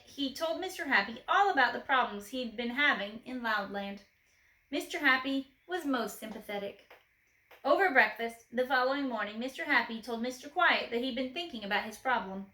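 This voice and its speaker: A woman reading a children's storybook aloud expressively, gently asking the listener questions. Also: sits high, echoey room, low-quality recording.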